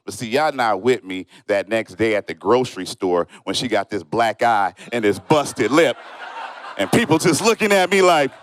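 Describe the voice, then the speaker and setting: Animated male stand-up comic on stage. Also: medium pitch, moderate pace, a little hiss or hum. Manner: animated storytelling, acts out friends and strangers in quoted voices. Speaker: stand-up comedian. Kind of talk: stand-up comedy set. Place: comedy show stage, live audience.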